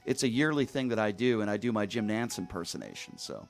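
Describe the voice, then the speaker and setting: A man's voice: on the low side, lively intonation, fast, creaky, faint music behind. Ranting man hosting a talk show. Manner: emphatic, ranting, frequent fillers and restarts. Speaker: radio talk show host. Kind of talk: opinionated studio talk show. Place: radio studio.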